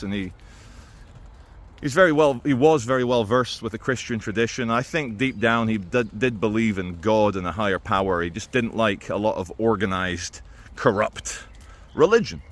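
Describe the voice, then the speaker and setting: A man talking through his opinions in a casual, animated monologue to camera. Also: mid-range voice, normal speed. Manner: conversational and animated, with quoted impressions. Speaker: video commentator.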